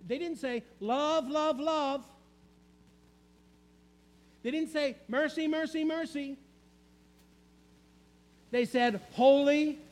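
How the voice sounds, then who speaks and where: A man's voice: very high-pitched, low-quality recording. A man preaching a sermon, emphatic, repeating key phrases and putting questions to his listeners.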